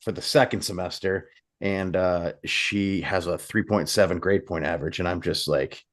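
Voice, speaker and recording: Low-voiced man, hesitant, full of ums. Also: steady tone, moderate pace. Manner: hesitant, many ums and uhs. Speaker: podcast co-host. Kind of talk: casual chat. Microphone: video call.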